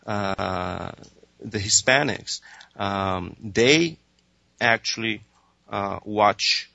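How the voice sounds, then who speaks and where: Low bright hesitant man, lo-fi. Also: vocal fry, no room sound. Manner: hesitant, many fillers and restarts. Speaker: streaming executive guest. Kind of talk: interview answers. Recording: dull lo-fi dry sound.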